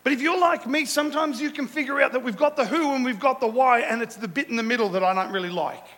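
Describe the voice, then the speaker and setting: A man's voice: extremely high pitch, quick pace, a bit bright. A male pastor preaching a sermon, with repetitive, emphatic phrasing and call-and-response with the congregation. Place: church hall. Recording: echoey church hall with long reverb.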